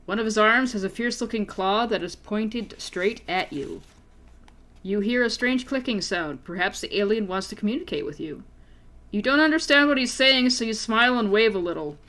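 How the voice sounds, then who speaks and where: A woman's voice: medium pitch, fairly bright tone. A woman reading an adventure book aloud as game master, playful and casual, laughing and swearing among friends. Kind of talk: reading a story aloud to players.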